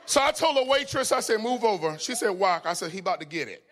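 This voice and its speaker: A man preaching a humorous, storytelling sermon. He is folksy and conversational, laughs often, and swings from shouts to hushed asides. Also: sits high, expressive, quick pace, a faint crowd.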